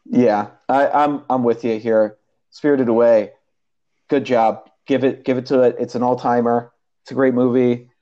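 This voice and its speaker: Young man, mellow voice, chatty. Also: mid-range voice, level tone, normal speed. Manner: rambling, laughs often. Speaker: podcast co-host. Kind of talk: casual chat. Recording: dull lo-fi audio.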